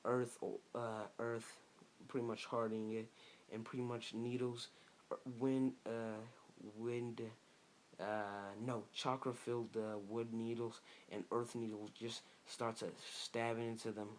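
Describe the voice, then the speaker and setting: A man casually improvising a fan story, halting often with fillers and restarts. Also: mid-range voice, little pitch movement, slight background noise.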